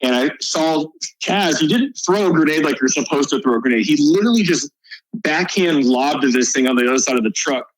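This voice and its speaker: A man's voice: a little high, animated, a little fast, no room sound, low-quality recording. A male soldier guest on a podcast, telling a combat story in a casual, profane way.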